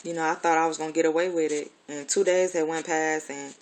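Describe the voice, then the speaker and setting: Woman with a lowish voice telling stories. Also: fairly even intonation, fast, a little mellow. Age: adult. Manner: candid and profane, rambling with many fillers. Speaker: storyteller. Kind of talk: casual personal storytelling.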